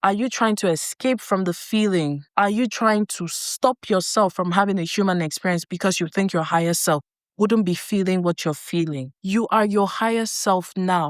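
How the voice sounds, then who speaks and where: A woman's voice: medium pitch, dry recording, studio quality. A woman giving an earnest motivational talk to camera, repeating herself for emphasis. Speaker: life coach and vlogger.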